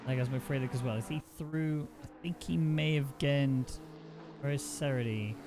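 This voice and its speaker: A man commentating a sim racing event live, jumping up in excitement when the action heats up. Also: background noise. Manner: excitable, quick to rise in pitch on action. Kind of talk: live esports race commentary.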